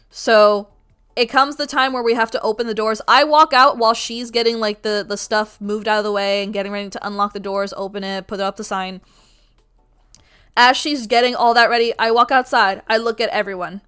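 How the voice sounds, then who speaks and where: Bright-voiced woman ranting in casual chat. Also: a little high, brisk, clean tone, soft background music. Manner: animated, swears freely; can project a loud voice. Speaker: art streamer. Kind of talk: casual storytelling rant.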